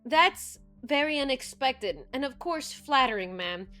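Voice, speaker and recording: A woman voicing a huge male werewolf who speaks calmly, formally and politely. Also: sits high, a little slow, soft background music, exaggerated voice. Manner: calm, formal, friendly.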